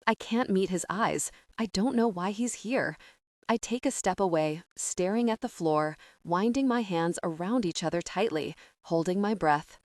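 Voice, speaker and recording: Low-voiced woman narrating an audiobook. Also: animated, normal speed, no room sound, studio quality. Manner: soft, intimate, emotional storytelling. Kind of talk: first-person scripted narration.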